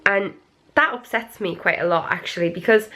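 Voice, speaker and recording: A woman's voice: mid-range voice, normal speed, sharp tone. A woman vlogging to camera at home at night, chatty and confiding, rambling through asides. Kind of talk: casual chat to camera.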